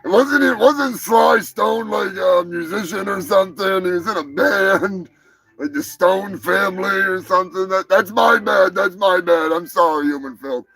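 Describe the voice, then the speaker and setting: A man's voice: high-pitched, measured pace, gravelly, a bit bright. A man hosting a live comedy stream who rambles profanely and keeps correcting himself mid-sentence. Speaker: live show host.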